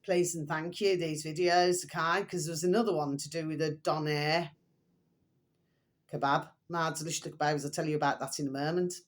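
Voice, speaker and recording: A woman's voice: low voice, steady tone, brisk. An older woman vlogging in a rambling, chatty way, stopping often to fondly address her viewers. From England. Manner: chatty, meandering, fond pet phrases for viewers. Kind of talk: rambling casual monologue to viewers.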